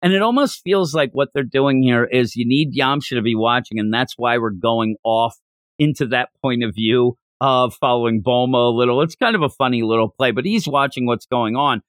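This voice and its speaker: A man's voice: mid-range voice, moderate pace, dry recording. Chatty man with a dry mic. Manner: rambling, animated, acts out quotes. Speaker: podcast host. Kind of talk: casual manga discussion.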